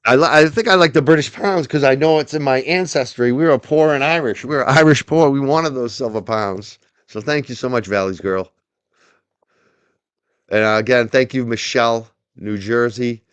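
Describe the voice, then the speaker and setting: This is a male streamer chatting casually with his audience at home. His voice is smooth and resonant at a middle pitch, and it is recorded dry and close with no room sound. He jokes, swears freely and riffs with lively energy. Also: moderate pace, dry recording. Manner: animated, profane, joking chatter to chat. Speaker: livestream host. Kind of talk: casual livestream commentary.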